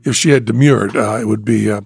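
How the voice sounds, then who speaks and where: A man hosting a podcast, telling animated anecdotes in casual chat with a gravelly, husky voice. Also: fairly low pitch, fairly quick, no echo. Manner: animated anecdote teller, often laughing. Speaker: podcast host.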